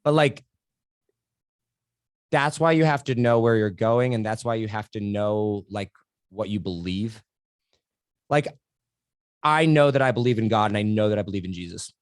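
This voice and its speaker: A young adult man appears as a podcast guest in a candid interview, telling stories with energy and lots of "like" and "right?". His voice is fairly low and moves at a moderate pace with frequent pauses. The studio-quality recording has a clean tone and no room sound.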